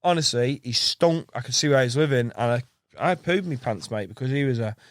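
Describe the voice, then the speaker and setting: A man's voice: medium pitch, lively intonation, a little fast, no room sound, clean studio sound. Rambling man telling a story. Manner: rambling storyteller who acts out quotes and laughs often. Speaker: podcast guest. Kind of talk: casual chat.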